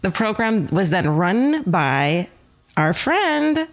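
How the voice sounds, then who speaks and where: A woman's voice: medium pitch, slow pace. A woman co-hosting a podcast, telling stories in casual chat, laughing and swearing freely. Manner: swearing, laughing, animated storyteller. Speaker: podcast co-host.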